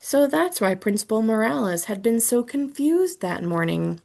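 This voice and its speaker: A woman's voice: fairly high pitch, lively intonation, normal speed, vocal fry, few pauses, darkish tone. A woman reading a children's book aloud in the first person, telling the story with expression. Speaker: audiobook reader.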